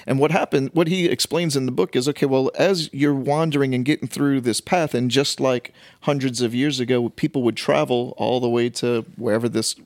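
A man's voice: mid-range voice, fairly even intonation, a little fast, few pauses, a little mellow, dry recording, clean studio sound. A man in casual conversation, explaining ideas through long illustrations with many fillers. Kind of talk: casual conversation about faith.

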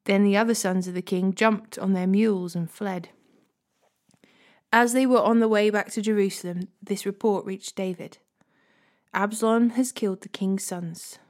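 A woman reading a Bible passage aloud as a steady storyteller, hosting a daily reading series. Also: mid-range voice, normal speed. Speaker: Bible reader.

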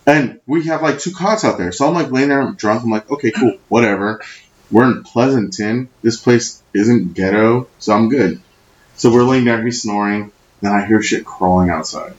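A man co-hosting a casual podcast, telling profane stories in an animated way and shouting when he quotes himself. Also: lowish voice, normal speed. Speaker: podcast co-host. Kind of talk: casual chat, storytelling. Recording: echoey room, dull lo-fi sound.

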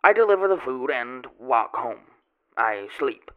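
A man's voice: medium pitch, sing-song, measured pace, smooth, narrow, tinny audio. A man playing a boastful, grubby male tomato grower, telling his tale in a rambling folksy way with odd grammar, in a first-person character monologue. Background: music.

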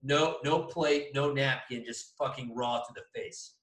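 Casual young male host, swears a lot and rambles through anecdotes, average pitch, recorded in a roomy space. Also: a little slow. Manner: profane, rambling, acts out quotes loudly. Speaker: podcast host. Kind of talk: casual storytelling chat. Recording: echoey room.

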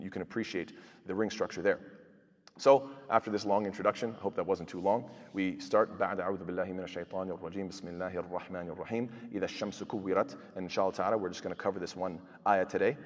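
A man's voice: low voice, in a large hall. A man teaching Quran tafseer, explaining verses with rhetorical questions and frequent fillers. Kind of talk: tafseer lecture.

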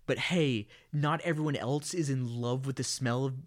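A man's voice: mid-range voice, normal speed. A man co-hosting a casual movie podcast, recapping a film with sardonic, exasperated, profane commentary. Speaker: podcast co-host. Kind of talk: casual movie review chat.

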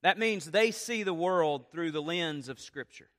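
A man preaching a sermon with passion, going from quiet talk to loud appeals. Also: on the high side, a little slow, in a large hall. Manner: impassioned, rises from quiet to loud. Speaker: pastor.

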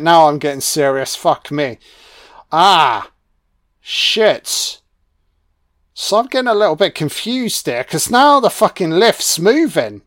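A man's voice: on the high side, big pitch swings, takes it slowly, fairly bright tone, dry recording, clean studio sound. Sarcastic, foul-mouthed man. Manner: sarcastic, mocking, heavy swearing. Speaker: film commentator. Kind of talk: audio-only film commentary rant.

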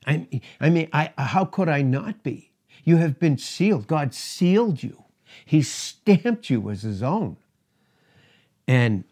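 Male pastor, mid-pitched voice, animated sermon delivery with scripture readings. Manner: animated preaching, reads scripture aloud, laughs between points.

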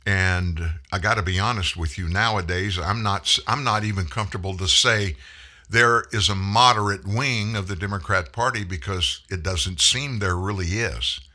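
A man's voice: low-pitched, pushed and bright. A man hosting a political commentary show, delivering an opinionated monologue with mocking, folksy asides.

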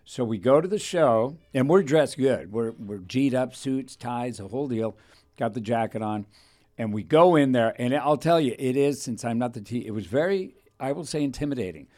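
A man's voice: medium pitch, expressive, moderate pace, darkish tone. A man telling a long rambling anecdote in casual chat, acting out the voices of people in the story. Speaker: radio host.

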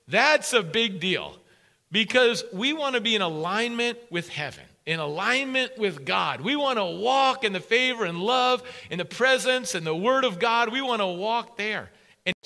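A man's voice: high-pitched, expressive, moderate pace, bright, forceful tone. A man preaching a sermon as a pastor, emphatic and repeating key phrases for weight.

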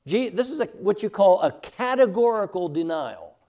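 A middle-aged man teaches a Bible class with emphatic conviction, often checking in with his listeners. His voice sits high and rises and falls widely as he reads verses slowly and stresses each word. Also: very animated, dark tone. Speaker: Sunday school teacher.

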